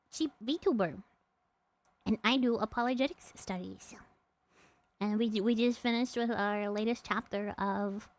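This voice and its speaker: A woman's voice: a little high, darkish tone. A woman streamer chatting casually and rambling, laughing often and snacking as she talks. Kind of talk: casual live-stream chat.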